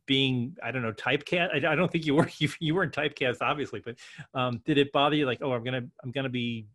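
A man hosting an interview, asking long, halting questions with repeated words. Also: mid-range voice, fairly bright tone.

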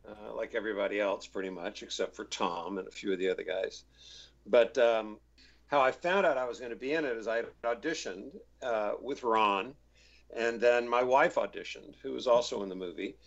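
A man's voice: mid-range voice, normal speed, lo-fi sound. A man, an actor guest in an interview, telling stories casually and acting out the voices he quotes. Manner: animated anecdotes, acts out quoted voices.

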